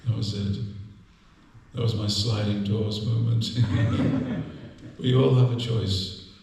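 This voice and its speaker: A man's voice: on the low side, fairly even intonation, takes it slowly, vocal fry, noisy background. Older man telling stories in an echoey hall. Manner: humorous storytelling, chuckles often. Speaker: temple class speaker. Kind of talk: anecdotal sermon. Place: temple hall. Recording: echoey hall, distant mic.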